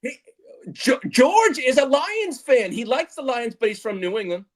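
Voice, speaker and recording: A middle-aged man with a notably high, very lively voice, spinning rambling stories on a casual livestream and laughing as he goes. He is the show's co-host, chatting loosely. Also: moderate pace. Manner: rambling, animated storytelling with laughs. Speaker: show co-host.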